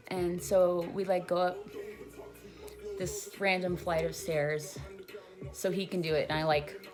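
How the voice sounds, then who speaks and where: A young woman in her twenties telling a long, rambling personal story in a casual vlog, full of "like" fillers. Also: lowish voice. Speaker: vlogger. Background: music.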